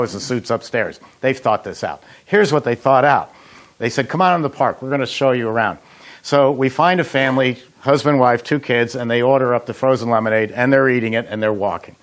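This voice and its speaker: Chatty man telling stories while demonstrating. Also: mid-range voice. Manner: folksy storyteller, chatty with frequent uh fillers. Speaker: ice cream machine company head demonstrating recipes. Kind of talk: casual cooking demonstration with anecdotes.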